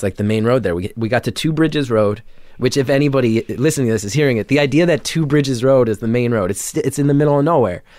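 A young adult man telling a story in casual chat, animated, jumping into loud high voices when he quotes people. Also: no echo, clean studio sound.

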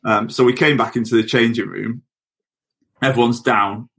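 A man's voice: mid-range voice, steady tone, moderate pace, vocal fry, a bit bright. Chatty middle-aged man telling stories. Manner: chatty, laughs through his stories. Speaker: former professional footballer, podcast guest. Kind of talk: casual anecdote telling.

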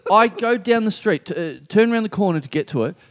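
Man, giggly rambling storyteller, comedy podcast, bouncy pitch. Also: expressive, fast. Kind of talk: casual comedic chat.

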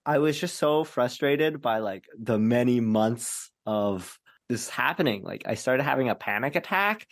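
A young man telling a personal story in a halting, casual way, full of fillers and restarts. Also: mid-range voice, expressive, no room sound, clean studio sound. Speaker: podcast co-host.

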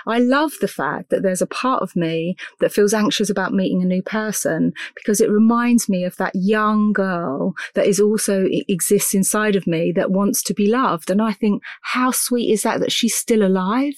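A woman's voice: mid-range voice, moderate pace, hardly any pauses, dry recording, clean studio sound. A woman in her fifties talking openly in a casual conversation, often laughing and restarting her sentences. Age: 50s.

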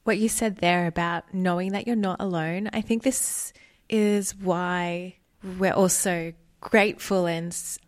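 A woman hosting an interview, supportive and measured in how she responds to her guest. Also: on the low side, steady tone. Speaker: host. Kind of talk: interview podcast.

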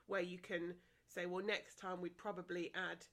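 A young woman co-hosting a podcast, chatting with quick asides and frequent laughter. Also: fairly low pitch, level tone. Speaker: podcast co-host. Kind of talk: casual chat.

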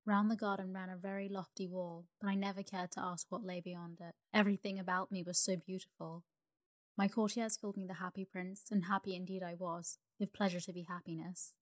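A woman voicing the sorrowful statue of a prince, a gentle, grave male figure with a low, musical voice, in a storybook reading for sleep. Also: lightly acted.

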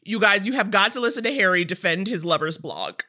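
Sassy bright woman co-host. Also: medium pitch, animated, a little fast. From United States. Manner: sassy, playful. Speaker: podcast co-host. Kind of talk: casual chat.

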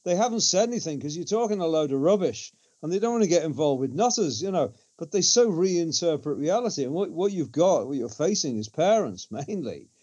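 A man's voice: fairly high pitch, expressive, a little fast, few pauses, darkish tone, dull audio. A man in casual conversation, talking in a wry, mocking way.

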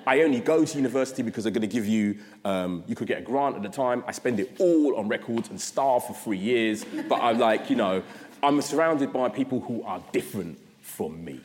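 A man's voice: mid-range voice, brisk. London man telling stories in a hall. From South London, England. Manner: animated, acts out his own past thoughts in quotes. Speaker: guest speaker giving an address. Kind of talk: storytelling talk. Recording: long reverb of a large hall.

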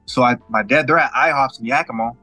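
Fast, bright-voiced man telling his story. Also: medium pitch, no room sound, faint music behind, low-quality recording. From Washington State, USA. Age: 40s. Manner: animated, acts out others' quoted lines, frequent stammered restarts. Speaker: guest. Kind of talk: personal storytelling.

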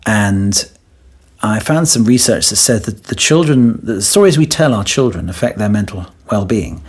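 A man talking in a relaxed interview, telling stories and teasing as he acts out quotes. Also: fairly low pitch, moderate pace, breathy edge. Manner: playful, teasing storyteller who acts out quotes. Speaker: guest. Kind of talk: conversational podcast interview.

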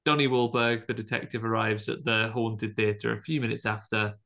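A man's voice: on the low side, flat delivery, normal speed, gravelly, fairly bright tone. A man co-hosting a podcast, casually recapping a horror film and acting out the characters' lines. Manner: chatty, acts out quoted lines with bursts of voices. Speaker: podcast co-host.

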